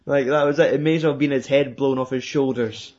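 A man's voice: mid-range voice, fairly even intonation, fast, darkish tone. A man chatting casually about a film, rambling and swearing, laughing often and acting out quotes. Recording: muffled lo-fi recording.

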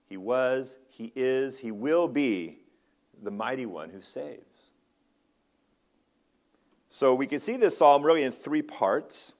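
Male lay preacher, earnest expository sermon, mid-range voice, restarts phrases often. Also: mid-range voice. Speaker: ruling elder preaching. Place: church sanctuary.

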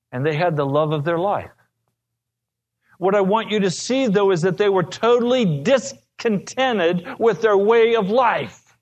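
A male pastor preaching a sermon, telling stories from his ministry in an earnest way. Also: sits high.

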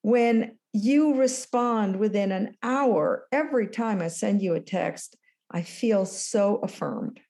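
Mellow-voiced older woman telling stories. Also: medium pitch, slow, gravelly. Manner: animated storyteller, acts out dialogue. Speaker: guest, former business school lecturer. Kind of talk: storytelling in an interview.

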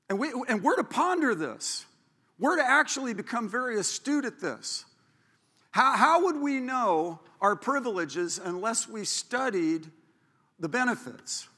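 Male pastor, excitable storyteller, sharp high voice, long hall reverb. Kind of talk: sermon. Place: church. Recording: echoey church hall.

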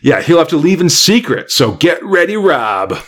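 A man's voice: fairly high pitch, very animated, normal speed, a bit bright. Man, podcast host, casual comic recap, rambling, laughs a lot. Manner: rambling, frequent fillers and laughs.

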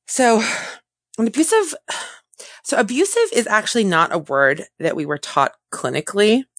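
A woman therapist answering interview questions in a thoughtful way, often pausing and correcting herself. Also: medium pitch, huge pitch swings, a bit bright, no echo. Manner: thoughtful, self-correcting, many fillers.

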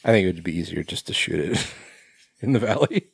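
Low-voiced rambling podcast man. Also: lively intonation, a little fast, vocal fry, breathy edge, no room sound, studio quality. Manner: rambling, filler-heavy, swears freely. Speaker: podcast co-host. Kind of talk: casual chat.

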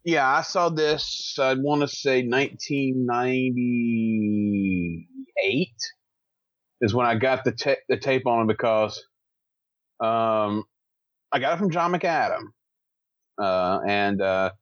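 A man's voice: mid-range voice, lively intonation, a little slow, no room sound. A man talks eagerly in a casual podcast chat. His voice comes through a dull, muffled mic. The sound is dry, with no room around it. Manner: enthusiastic, laughs along.

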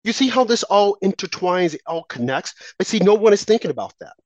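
In a dry, slightly dull lo-fi recording, a political commentator with a medium-pitched voice speaks a little fast and with animation. The monologue is impassioned, built on repeated phrases, rhetorical questions, and mocking asides that quote opponents.

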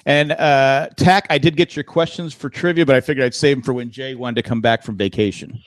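A man's voice: medium pitch, steady tone, brisk, no room sound. A man hosting a podcast in casual, joking chat, thanking listeners and steering the talk. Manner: joking, thanks patrons and wraps up the show. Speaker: podcast host.

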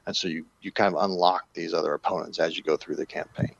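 A man being interviewed as a game developer, explaining in a relaxed way with plenty of "you know" fillers. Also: low voice, fast, creaky, highs cut off. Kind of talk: casual interview talk.

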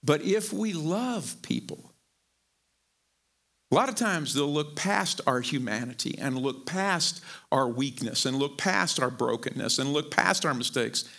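A middle-aged male pastor from Missouri preaching a sermon in a conversational way, repeating words and jumping up in pitch to stress his points. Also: expressive, a little slow, gravelly, pushed and bright. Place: church sanctuary.

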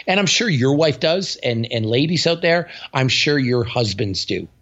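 A man's voice: mid-range voice, animated, moderate pace, a bit bright, highs cut off. A man co-hosting a podcast in casual chat, telling stories bluntly and animatedly, with some swearing. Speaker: podcast co-host.

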